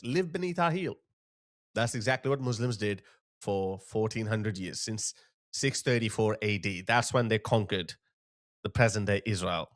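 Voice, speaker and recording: A high-pitched man delivers political commentary with a wildly lively voice that leaps up and down. He is sarcastic and emphatic, pressing each point hard. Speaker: host.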